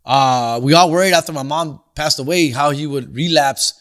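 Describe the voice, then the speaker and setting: A man's voice: a little high, moderate pace, a bit bright. A man hosting a comedy podcast, telling a story in a slangy, profane, casual way. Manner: answers listener questions.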